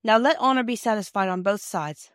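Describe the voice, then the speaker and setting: A woman reading a classic children's storybook aloud and voicing a sensible older girl who gently smooths over a quarrel. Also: medium pitch, brisk, dry recording, studio quality, voice pushed up, natural voice. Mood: conciliating. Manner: gentle, coaxing. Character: sensible eldest girl, peacemaker.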